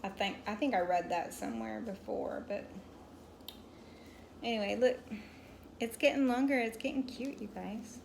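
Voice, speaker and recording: A woman's voice: on the high side, normal speed, creaky, long pauses, a little mellow, a little hiss or hum. A woman in her forties telling a rambling story to her viewers while she crochets at home, stopping now and then to scold a pet. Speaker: crochet vlogger. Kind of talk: casual storytelling chat.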